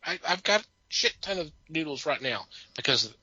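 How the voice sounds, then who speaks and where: A man's voice: fairly high pitch, sing-song, normal speed, sharp tone, a little hiss or hum, low-quality recording. A man co-hosting a podcast, telling a story in casual chat, amused and rambling with many restarts. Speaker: podcast co-host.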